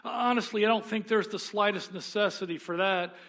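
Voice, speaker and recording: A man's voice: high voice, brisk, sharp tone, voice pushed up. A man voicing a frightened male ghost who stammers and pleads as he clings to his sin, during a sermon reading. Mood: evasive.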